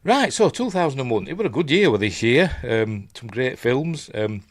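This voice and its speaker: A man's voice: medium pitch, very animated, moderate pace, no echo, studio quality. A middle-aged man with a Yorkshire accent hosts a live movie show in rambling, self-mocking casual chat, talking into a desk mic. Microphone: desk mic, level being adjusted.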